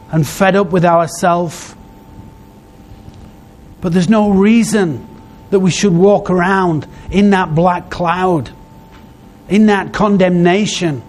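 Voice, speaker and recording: A man preaching a sermon, heartfelt, in short phrases broken by pauses. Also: sits high, darkish tone.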